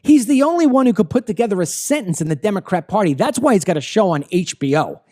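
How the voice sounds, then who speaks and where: A man's voice: high voice, expressive, quick pace, mellow. A man hosting a political commentary show, ranting heatedly with frequent profanity and stammering when worked up. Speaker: host.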